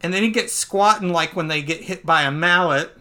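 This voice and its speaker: A man hosting a podcast, recapping a comic in casual chat. He talks in a loose, chatty way, laughs easily and jumps into squeaky voices when he acts out scenes. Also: normal speed. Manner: animated, jumps into high squeaky voices when acting out lines. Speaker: podcast host.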